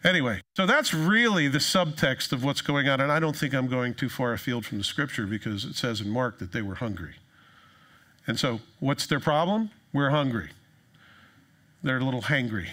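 A male pastor preaching in a conversational, joking manner with animated storytelling. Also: mid-range voice, moderate pace. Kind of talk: sermon.

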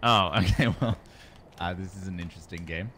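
A man chatting excitedly with friends while they game, often laughing mid-sentence. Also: low voice, a little fast. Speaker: gaming friend. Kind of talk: casual chat while gaming.

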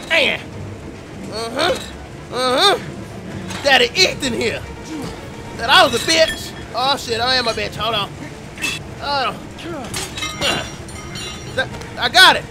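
A man with a very high voice is playing through a video game and commenting loudly, shouting jokes and trash talk at the screen. His pitch swings wide from moment to moment. Game music and rain sounds play clearly behind him. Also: animated, slow pace, pauses often. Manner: loud, joking, profane trash talk at the screen. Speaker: gaming YouTuber.

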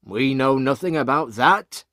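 A man's voice: mid-range voice, measured pace, pushed and bright, dry recording, clean studio sound, voice pushed up. A man doing a cautious Parisian shopkeeper. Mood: grave. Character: cautious Parisian wine-shop keeper, grave man.

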